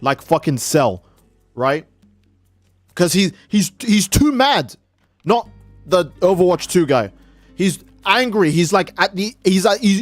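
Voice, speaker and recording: A man's voice: sits high, dry recording. Rambling, profane male game streamer. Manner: rambling, profane, acts out people in little skits. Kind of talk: casual let's-play commentary.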